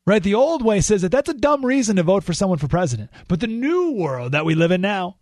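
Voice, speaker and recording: A man hosting a talk radio monologue. He speaks in a fairly high, animated voice that jumps into exclamations. The sound is dry and close on a studio microphone. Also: brisk, no room sound. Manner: animated, exclamatory, thinking aloud with restarts. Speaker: radio talk show host.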